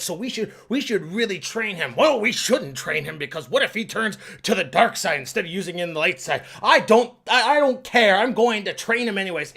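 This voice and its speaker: A young man giving a casual, rambling movie review, excitable and quick to swear. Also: high-pitched.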